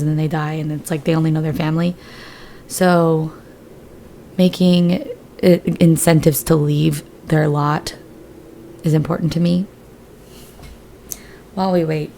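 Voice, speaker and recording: A woman casually talking through a life-sim game, her voice hoarse after surgery, chatty and a little scattered. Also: fairly low pitch, mellow, a little hiss or hum. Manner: rambling, chatty, a bit scattered. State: hoarse after surgery, voice lower than usual. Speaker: gaming video creator. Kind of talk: casual gameplay commentary.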